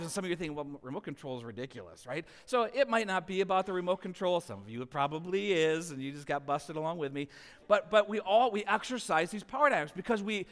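Man, pastor, sermon, high voice, long hall reverb, animated storytelling. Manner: animated storytelling, rising loud when acting out scenes.

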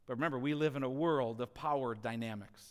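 A man preaching a sermon as a pastor, telling a family story with lively, animated delivery. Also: medium pitch, fast, clear, resonant tone, big-room sound. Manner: animated storytelling, rising loud when acting out scenes.

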